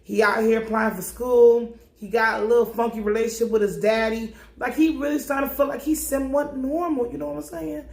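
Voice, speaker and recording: A young adult woman, a TV recap vlogger, goes over an episode in a casual, slangy, profane and jokey way. Her voice is on the high side, steady, brisk, gravelly and a little mellow, with few pauses. The room is echoey.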